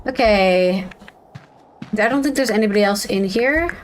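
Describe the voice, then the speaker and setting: Streamer: a woman in easygoing let's-play mode, reading game lines aloud, at a mid pitch. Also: a little slow, background noise. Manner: chatty, reads game dialogue aloud. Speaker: gaming streamer. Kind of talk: casual let's-play commentary.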